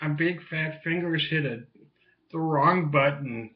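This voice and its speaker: A man's voice: on the high side, unhurried. A man vlogging casually, with crude, teasing banter. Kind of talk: casual vlog talk. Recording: muffled echoey room.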